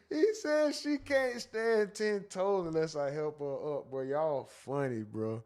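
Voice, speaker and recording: Animated high-voiced man reading chat. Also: slow. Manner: animated, laughing, reads chat comments aloud in a joking tone. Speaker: livestream host reading chat. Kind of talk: casual livestream commentary.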